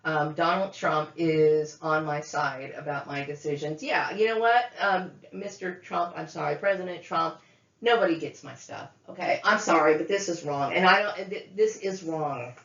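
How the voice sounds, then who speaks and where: A woman's voice: sits low, normal speed, a bit bright. A woman delivering an angry, profane monologue, repeating herself and tagging lines with "okay?". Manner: profane, repetitive, many "okay?" fillers. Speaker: vlogger. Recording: echoey room, dull lo-fi sound.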